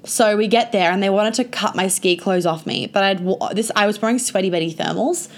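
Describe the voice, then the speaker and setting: A woman's voice: medium pitch, a little fast. Chatty young woman, swearing freely. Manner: chatty, full of "like" and frequent swearing. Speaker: vlogger. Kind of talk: casual storytime monologue.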